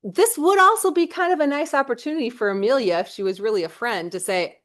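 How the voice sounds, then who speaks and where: A woman's voice: on the high side, fast, hardly any pauses, a bit bright. Chatty woman teacher. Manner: chatty, paraphrases in modern slang. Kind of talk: casual classroom explanation.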